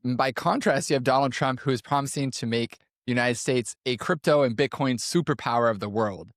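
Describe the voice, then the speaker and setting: A man's voice: medium pitch, a little fast, no room sound, studio quality. A man co-hosting a podcast, steadily leading the discussion and laughing easily. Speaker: podcast co-host.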